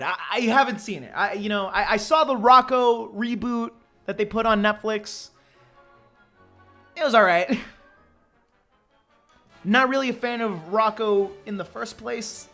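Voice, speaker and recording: A man chats casually with his viewers while he draws on a stream. He rambles, laughs often and restarts his sentences in a fairly high voice. Faint music plays quietly behind him. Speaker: artist streaming his drawing. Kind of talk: casual livestream chat, answering chat. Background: faint background music.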